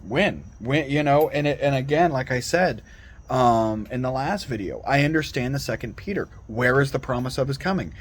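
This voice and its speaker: A man talks through a loose, earnest solo monologue for his channel, wandering off track and restarting his sentences. His voice sits at an ordinary middle pitch. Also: animated, moderate pace. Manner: earnest, digressive, frequent restarts. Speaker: Christian video commentator.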